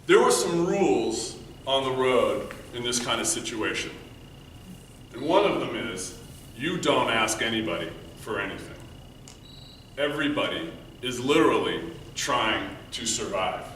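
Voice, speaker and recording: Man, contest speaker, earnest storytelling, bright tone, very echoey room, faint background noise. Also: medium pitch, animated, unhurried, distant mic. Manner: earnest, shifts between loud emphasis and quiet hushed passages. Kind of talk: prepared storytelling speech. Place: meeting room before an audience.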